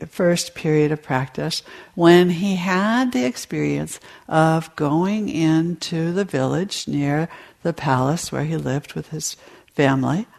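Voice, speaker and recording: A woman meditation teacher giving a dharma talk to retreat participants, in a slow, storytelling delivery. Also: low voice, gravelly.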